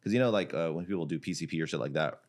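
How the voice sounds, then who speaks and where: Deep-voiced man telling a wild story. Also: very fast. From Iraq. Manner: animated storyteller, laughing often, heavy use of "like". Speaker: podcast guest, jiu-jitsu gym founder. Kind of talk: casual storytelling chat.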